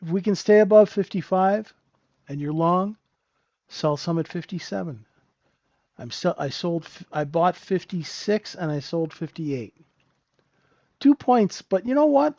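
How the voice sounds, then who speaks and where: A man's voice: high-pitched, gravelly, a little mellow, no echo, dull audio. A man hosting a live trading room, giving casual, blunt and joking market commentary and often asking "right?". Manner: blunt and profane. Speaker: trading room host and mentor.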